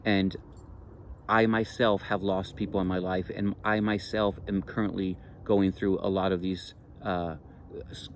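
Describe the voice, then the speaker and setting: Low-voiced man giving earnest spiritual advice. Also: a little hiss or hum. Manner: reassuring, emphatic, repeats phrases. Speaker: spiritual teacher. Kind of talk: earnest monologue to camera.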